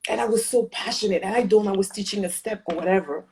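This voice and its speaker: A woman dance instructor hosting a casual interview with her students, animated and laughing often. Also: mid-range voice, fast talker, slight background noise.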